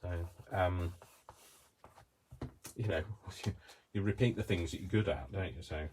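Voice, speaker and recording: Low-voiced Coventry man demonstrating crafts. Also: measured pace, darkish tone, slight background noise. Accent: Coventry English. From Coventry, England. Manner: chatty, rambling, talks to himself while working. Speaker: craft tutorial host.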